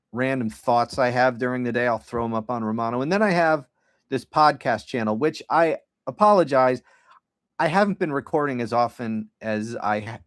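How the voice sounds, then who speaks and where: Alone on a casual livestream, a middle-aged podcast host rambles, curses and takes a sardonic tone. His pitch is ordinary, and the recording is dry and close-miked.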